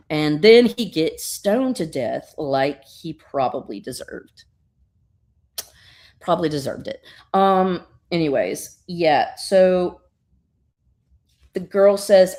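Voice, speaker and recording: A woman recapping a comic book in an animated, casual way, swearing freely and using lots of fillers. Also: sits low, takes it slowly, long pauses. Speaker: guest reviewer.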